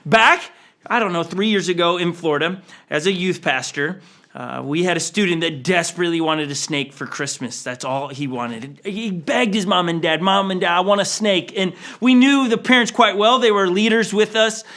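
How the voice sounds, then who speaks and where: Man, pastor, sermon storytelling, animated, bright tense voice. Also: sits high, normal speed. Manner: animated storyteller acting out quotes.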